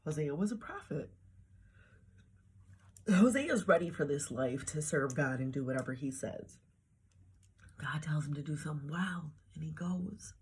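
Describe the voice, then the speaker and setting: A woman's voice: deep voice, animated, moderate pace, long pauses, darkish tone, breathy edge. A woman giving a casual devotional talk to camera, slangy and emphatic, often dropping into whispers. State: heartbroken after a breakup. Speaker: faith vlogger.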